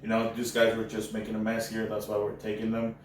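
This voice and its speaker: A man's voice: on the low side, fast talker. A man from Mexico, a native Spanish speaker and former professor, telling stories in a loose, slangy way with many restarts. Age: adult, former university professor. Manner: animated storyteller, loose slangy talk with many "bro"s and restarts. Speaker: podcast host. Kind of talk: casual storytelling chat. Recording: echoey room, distant mic, faint noise.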